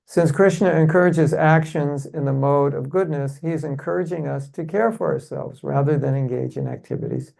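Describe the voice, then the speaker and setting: A man with a very gravelly, creaky voice teaching a devotional seminar in a temple hall. He speaks in a fairly high register for a man, often poses rhetorical questions, and leads the audience in call-and-response. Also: darkish tone. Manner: rhetorical, keeps asking "isn't it?".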